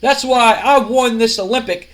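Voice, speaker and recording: A man's voice: very high-pitched, normal speed, pitched above the performer's own voice. A man voicing a cocky, boastful male pro wrestler who taunts his rival. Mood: smug. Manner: smug, taunting, loud.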